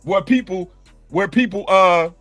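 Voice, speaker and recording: High-pitched ranting man on a call. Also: a little slow, fairly bright tone, no room sound, faint music behind. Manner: profane, ranting, combative. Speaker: panelist. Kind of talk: heated political debate.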